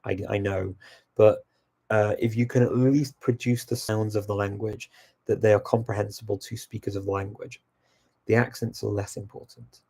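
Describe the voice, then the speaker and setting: A man's voice: lowish voice, gravelly, darkish tone, slightly rough. A middle-aged man hosting a language-learning channel, casually answering viewer questions and thinking aloud as he goes.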